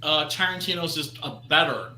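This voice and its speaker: Guy on a podcast, kinda high voice, lots of uhs, faint hiss. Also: normal speed. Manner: hesitant, filler-heavy. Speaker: podcast co-host. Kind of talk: casual chat. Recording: echoey room, faint noise.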